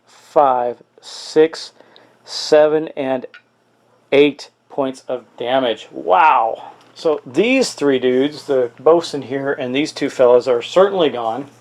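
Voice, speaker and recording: A man hosts a solo playthrough of a tabletop miniatures game, thinking out loud and exclaiming at his dice rolls. His voice sits on the high side and is a little mellow, and he takes it slowly.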